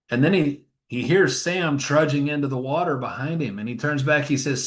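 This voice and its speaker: Earnest guy, grief counselor in an interview, tells it with feeling, average pitch. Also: normal speed, few pauses. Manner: earnest, emotional, retells scenes with acted quotes. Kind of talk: storytelling interview talk. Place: funeral home.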